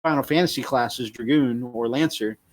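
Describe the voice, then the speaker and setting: A man's voice: medium pitch, fairly quick. A man co-hosting a casual hobby livestream, chatting easily and reading out viewer comments. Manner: reads out viewer comments, easygoing. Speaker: co-host reading chat.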